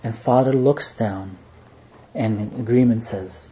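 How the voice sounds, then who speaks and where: A man's voice: on the low side, unhurried. Man preaching earnestly, lo-fi sound. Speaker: pastor. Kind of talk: sermon. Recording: dull lo-fi sound, faint background noise.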